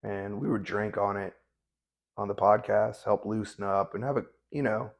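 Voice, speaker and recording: A man's voice: on the low side, steady tone, moderate pace, vocal fry. A man in his thirties, a veteran Navy corpsman, telling his story bluntly and matter-of-factly, with frequent restarts. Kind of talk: candid conversational storytelling.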